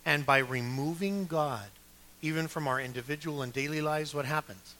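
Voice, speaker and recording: A man's voice: fairly high pitch, normal speed, pushed and bright, slight background noise. A man preaching a sermon as pastor of a church, building emphasis through repeated phrases and asking listeners to take notes.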